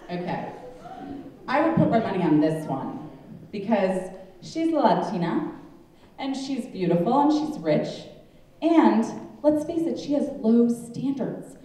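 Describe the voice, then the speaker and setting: A woman in her thirties doing a stand-up comedy set, sarcastic and animated with mock-indignant asides, on a comedy club stage. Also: a little high, unhurried, crowd noise. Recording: echoey club, distant mic, audience laughter.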